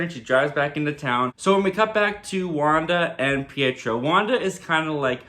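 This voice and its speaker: A man recaps a TV episode in a loose, chatty way, leaning on "like" and "kinda". His voice sits a little high and sounds bright and forceful. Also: expressive, normal speed. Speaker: TV reviewer.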